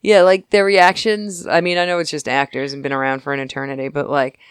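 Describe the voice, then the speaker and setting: A woman's voice: low voice, little pitch movement, smooth, no echo, studio quality. A woman co-hosting a podcast, chatting casually and rambling with lots of laughs as she recaps a TV episode. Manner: giggly, rambling, puts on quick character voices. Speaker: podcast co-host.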